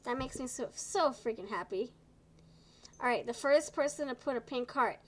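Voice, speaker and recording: A woman doing a live tarot reading, chatty and encouraging, tired and low on energy, stumbling over her words now and then. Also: normal speed, fairly bright tone, low-quality recording. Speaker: tarot reader.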